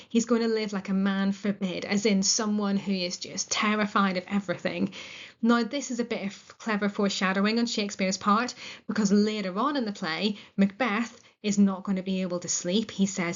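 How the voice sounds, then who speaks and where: A woman teaching a literature lesson, explaining a play in a chatty way and paraphrasing its lines in modern words. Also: mid-range voice. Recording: muffled lo-fi recording.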